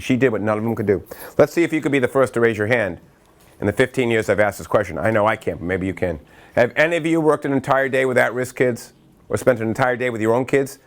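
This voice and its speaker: A man giving a motivational talk to school staff, telling anecdotes in a lively way and acting out the quotes. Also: mid-range voice. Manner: animated anecdotal storytelling, acts out quotes. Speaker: speaker at a staff training.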